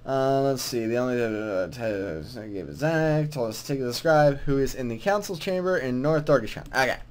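A young man gives casual let's-play commentary as he plays through a quest, rambling, self-mocking and often confused. His voice is medium-pitched and animated at a normal speed.

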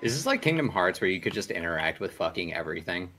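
Man, lowish voice, animated, teasing co-op player. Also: fast. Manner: teasing, swears casually. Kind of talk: casual gameplay chat.

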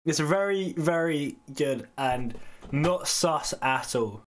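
A man's voice: on the high side, lively intonation, slow pace, very noisy. A young British man hosting a casual reaction video, cheeky and often laughing. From United Kingdom.

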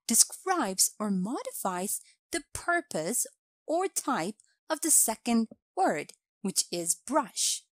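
A woman narrating a scripted grammar lesson with a slow, clear instructional delivery. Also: on the high side, dry recording. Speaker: English teacher.

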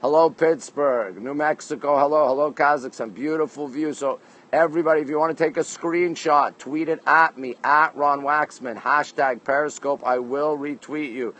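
A man's voice: a little high, steady tone, normal speed, a bit bright, rough recording. A man from Canada hosting a casual livestream on a city rooftop at night, greeting viewers by place name and reading their comments aloud into his phone. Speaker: livestream host.

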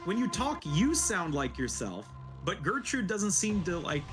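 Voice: mid-range voice, big pitch swings, unhurried. A game master narrating a tabletop game casually, with filler words. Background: music.

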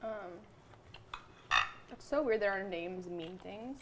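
A woman guest at a home dinner who talks softly and asks curious questions, with dishes clinking. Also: mid-range voice, lively intonation, slow, heavy background noise. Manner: soft-spoken and curious, asks lots of questions. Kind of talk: casual dinner chat.

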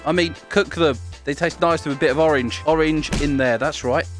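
A man's voice: fairly high pitch, normal speed, soft background music. A young man hosting a gaming video, giggling and teasing players as he plays. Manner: giggly, teasing, laughs often. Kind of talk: playful gameplay commentary.

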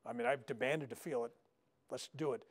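A mid-range, steady voice moves at a brisk pace as an older minister leads a live group workshop in a spiritual center meeting room. He talks in a conversational storytelling manner, often checking in with "right?"

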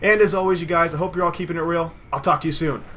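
A man's voice: fairly high pitch, steady tone, rapid-fire, fairly bright tone. A young man casually telling a rambling story over gameplay, swearing freely and laughing at his own tale. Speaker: gaming video host.

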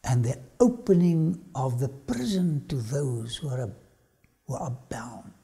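Man preaching slow and dramatic, gravelly low tone, keeps sinking into whispers. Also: lively intonation, mellow. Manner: slow dramatic delivery with sudden drops to a whisper. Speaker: preacher and archaeology lecturer. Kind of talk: dramatic sermon-style lecture.

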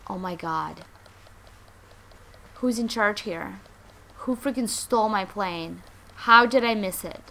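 A young woman hosting a let's play, commenting with exasperation, muttering and then yelling. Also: mid-range voice, slow, gravelly, long pauses, slight background noise. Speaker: gaming channel host.

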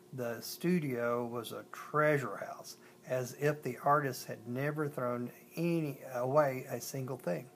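A storyteller reading a children's picture book aloud. They often stumble and restart, and they slow down on lists. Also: medium pitch.

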